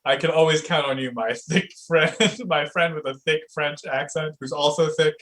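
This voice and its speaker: A young man riffs in playful improv banter, retelling an absurd story with emphatic asides. His voice sits a little high for a man. He talks with an easy, joking drive. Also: fairly even intonation, normal speed, a bit bright, poor audio. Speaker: streamer.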